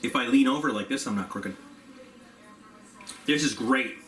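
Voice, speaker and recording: A man's voice: mid-range voice, normal speed, a bit bright, soft background music. Chatty man reviewing snacks in an echoey room. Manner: chatty, rambling with fillers, talks while chewing. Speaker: product reviewer. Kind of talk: casual unboxing review. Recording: echoey room, faint background hum.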